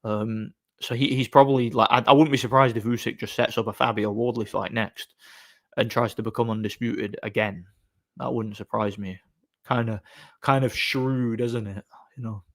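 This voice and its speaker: A man's voice: mid-range voice, steady tone, normal speed. A man chatting casually on a live stream, reading comments and rambling sarcastically with many fillers and restarts.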